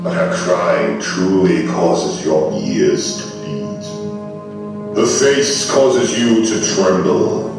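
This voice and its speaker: An actor playing a sly, wicked male companion who goads and tempts in a slow, insinuating way, recorded from afar on an echoey theatre stage. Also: sits low, recorded from a distance, over music. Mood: goading.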